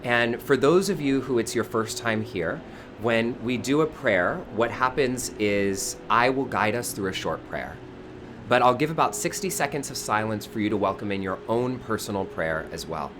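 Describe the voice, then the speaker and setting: An expressive man with a mid-range voice, from the California Bay Area, speaks at normal speed during a live-streamed spiritual welcome and teaching. Set outdoors before a high-up window with faint outdoor noise, he greets his viewers effusively by name.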